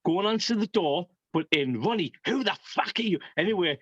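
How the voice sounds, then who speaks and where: Animated high-pitched man. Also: brisk, no echo, dull audio. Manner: animated storyteller. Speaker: podcast host. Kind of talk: casual chat over beers.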